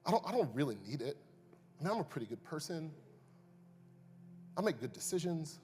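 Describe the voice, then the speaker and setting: A man preaching a sermon as pastor, moving between hushed asides and loud, impassioned climaxes. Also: a little high, sing-song, fairly quick. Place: church sanctuary. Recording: long reverb, faint music behind.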